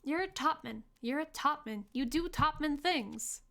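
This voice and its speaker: A woman's voice: high-pitched, expressive, measured pace, gravelly, background noise. A woman streamer giving casual, playful gameplay commentary and chatting with her viewers. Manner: playful, chatty, riffing with chat.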